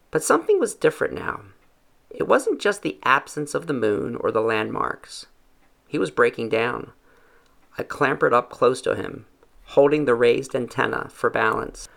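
A man reading a first-person story aloud in a measured, reflective way. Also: medium pitch, big pitch swings, creaky, fairly bright tone. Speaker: narrator.

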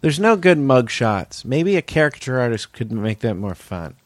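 A man's voice: mid-range voice, big pitch swings, moderate pace, dry recording, clean studio sound. Playful male podcast co-host. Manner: playful, steers the bit back on track. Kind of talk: improvised comedy banter.

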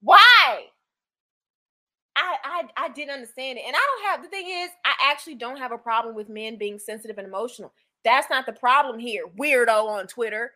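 A woman's voice: on the high side, quick pace, sharp tone. A woman co-hosting a casual chat, recapping reality TV bluntly and profanely, with mocking put-on quotes. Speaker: podcast co-host.

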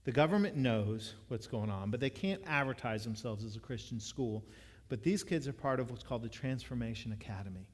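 A man's voice: medium pitch, lively intonation, a little fast, long reverb tail. A man preaching a sermon, telling a story in a conversational way with frequent restarts. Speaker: pastor.

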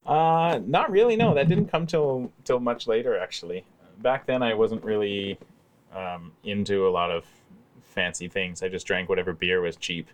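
A man's voice: fairly low pitch, normal speed. A man chatting as a podcast guest, telling stories in an easygoing way with wry humor and plenty of fillers. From Canada. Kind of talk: casual podcast chat.

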